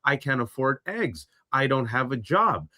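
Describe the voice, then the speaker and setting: A man delivers heated political commentary with a bright, sharp edge to his voice. His tone is sarcastic and ranting, and he sits at a middle pitch. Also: very animated, unhurried. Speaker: podcast co-host.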